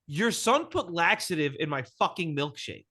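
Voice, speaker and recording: Man, podcast co-host, high and bright, very animated, acts out quotes, swears a lot. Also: normal speed. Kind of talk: casual film chat.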